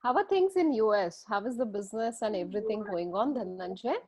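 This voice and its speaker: A woman's voice: mid-range voice, animated, a little fast, a little mellow. A woman with an Indian accent chatting in a friendly way with laughter on a video call. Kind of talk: casual chat on a video call.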